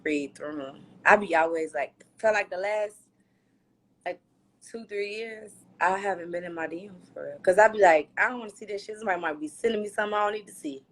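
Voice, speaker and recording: A woman chatting candidly over a phone livestream, loose and slangy, full of fillers. Her pitch sits in the middle range. A faint background hiss runs under her voice. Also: fairly quick. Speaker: reality show star being interviewed. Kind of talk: casual livestream chat.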